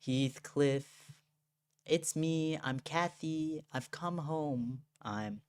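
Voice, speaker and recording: A streamer voicing a frail young noblewoman who sees ghosts, speaking quietly and wistfully while reading game dialogue. Faint music sits behind the voice. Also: mid-range voice, drawn-out words, smooth.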